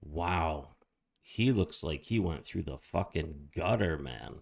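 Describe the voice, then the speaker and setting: A male streamer making slow, profane reaction remarks to a clip he is watching. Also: very deep voice, expressive, gravelly, a little mellow. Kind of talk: casual reaction commentary.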